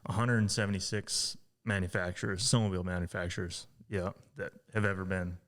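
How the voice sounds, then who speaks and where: Low-voiced guy co-hosting, laid back, drops a swear here and there. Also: flat delivery, brisk, a bit bright. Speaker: podcast co-host. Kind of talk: casual chat.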